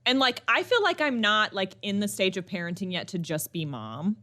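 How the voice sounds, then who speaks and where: A young woman chats on a podcast she co-hosts, her voice bright and forward. She tells stories with animation and breaks into laughter easily. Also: mid-range voice. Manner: animated storyteller, quick to laugh. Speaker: podcast co-host. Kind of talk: casual chat.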